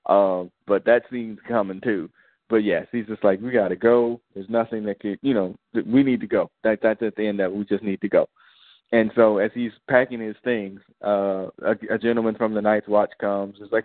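Fairly low in pitch, this male co-host sounds relaxed as he goes over podcast episodes and performs characters' dialogue in slang. The recording is dry and comes through a tinny, phone-like line.

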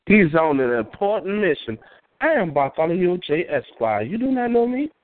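A man voicing a pompous, overly formal gentleman on a phone line. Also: sits high, very animated, normal speed. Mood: haughty. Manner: stiff, overly formal diction.

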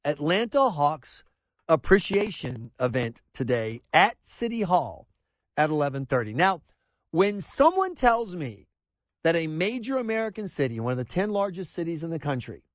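A man hosting a talk radio show, excitable and exasperated, stammering and restarting as he talks in a studio. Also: fairly high pitch, moderate pace, dry recording.

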